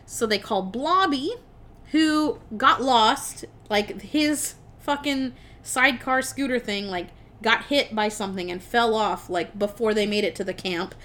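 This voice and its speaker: Chatty woman recapping a film, fairly high voice. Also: measured pace. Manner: animated retelling, swears freely, laughs. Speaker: podcast co-host reviewing a film. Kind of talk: casual chat.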